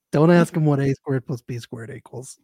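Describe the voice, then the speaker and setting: A man co-hosting a casual recap chat, teasing his friend and agreeing quickly. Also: mid-range voice, dark tone, no room sound, studio quality. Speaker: podcast co-host.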